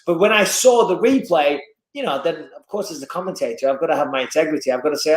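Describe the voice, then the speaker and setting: An English man telling stories in a casual podcast chat as a fight commentator, animated and swinging his voice up and down. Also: fast, reverberant. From England. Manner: animated storyteller, lively swings in pitch and loudness.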